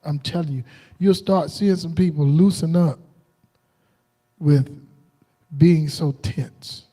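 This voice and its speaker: A man's voice: on the high side, slow pace, warm tone. A man preaching an informal sermon, telling folksy stories and acting out what people said. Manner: folksy storytelling with laughs and acted-out quotes.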